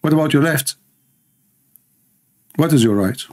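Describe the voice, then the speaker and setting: A man's voice: fairly high pitch, unhurried. A man hosting a livestream, telling stories in a mocking, joking way. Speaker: host. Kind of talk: livestream commentary.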